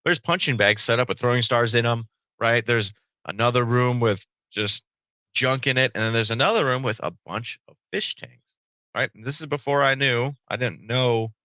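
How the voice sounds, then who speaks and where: A man's voice: medium pitch, bright, forceful tone, no echo, rough recording. A middle-aged man, a podcast guest, telling a story in a casual way, swearing freely and tagging lines with "right?".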